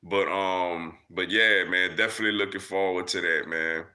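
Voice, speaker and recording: A man's voice: low voice, fairly even intonation, moderate pace, pushed and bright. Laid-back man hosting a live chat. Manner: loose and conversational, many fillers like "man" and "yo". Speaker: livestream host answering chat.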